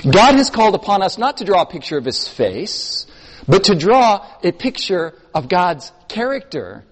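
A man preaching from the front of a church, his slightly higher voice rising and falling in lively swings. He tells stories with emphasis, then drops softer for effect. The sound carries a long hall reverb. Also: moderate pace. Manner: expressive storytelling, shifting between emphatic and soft. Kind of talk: sermon.

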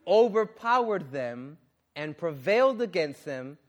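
Animated preacher man, fairly high voice. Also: unhurried, muffled recording. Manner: animated, exclaiming and asking the audience questions; drops to a low, quiet, earnest tone for serious points. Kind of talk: sermon with Bible reading.

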